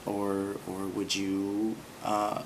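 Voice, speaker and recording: A man's voice: on the low side, monotone, extremely slow, a little hiss or hum. A man talking casually to camera in a rambling, sarcastic monologue with lots of filler words. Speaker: video blogger.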